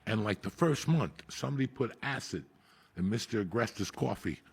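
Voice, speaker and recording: A man hosting a podcast, telling profane, animated stories from his school days. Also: on the low side, normal speed. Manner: raspy, profane, animated, breaks into laughter. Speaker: podcast host. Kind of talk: profane casual storytelling.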